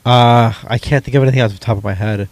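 A man's voice: medium pitch, steady tone, fast talker, dry recording. Guy rambling casually with lots of ums, dry close sound. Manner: hesitant, many ums and restarts. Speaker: podcast co-host. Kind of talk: casual chat about movies.

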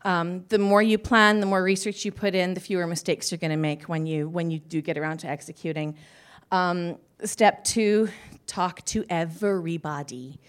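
Chatty woman with a low voice. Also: fairly even intonation, normal speed. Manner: laughing, self-deprecating, chatty. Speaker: panelist, business owner. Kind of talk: live panel talk.

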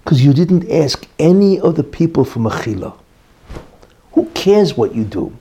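A man playing a stern male preacher who rebukes a sinner, speaking slowly and scolding him. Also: fairly high pitch, very animated, dark tone, slightly rough, exaggerated voice.

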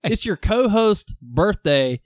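Man, podcast co-host, casual chat, laughs a lot, lively pitch, dry close sound. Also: slow, no room sound. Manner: laughing, swearing, acts out film lines.

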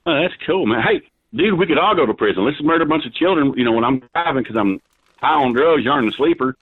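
A man, rambling loudly and crudely on a phone call and cackling between lines. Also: mid-range voice, lively intonation, fast, slightly rough. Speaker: prank call target. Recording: tinny dry phone line.

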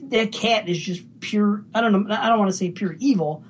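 A woman's voice: medium pitch, normal speed, slight background noise. A woman co-hosting a movie podcast in casual chat, blunt and profane, laughing between points. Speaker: podcast co-host.

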